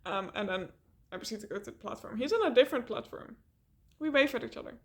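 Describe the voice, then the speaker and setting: A young woman telling a rambling, animated story in a casual vlog, laughing often and swearing. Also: a little high, quick pace.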